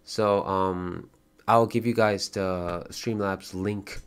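A man chatting casually as a livestreamer, thanking viewers and donors, swearing freely and getting excited in bursts. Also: low-pitched, slow pace, slight background noise.

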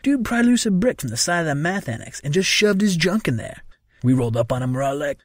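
A man with a slightly husky voice riffs through a comedy sketch in crude, swaggering bro slang. The sound is dry and close to the mic. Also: on the high side, animated, quick pace, no room sound. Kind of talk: comic sketch, eulogy by a frat bro.

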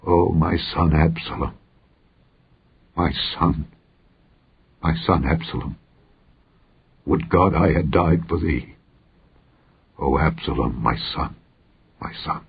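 A man's voice: fairly low pitch, fast talker, few pauses, slightly rough. A man voicing an aged king mourning his son, his words breaking and falling to a whisper, in a dull, lo-fi recording. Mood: grieving. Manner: broken, trailing into a whisper in grief.

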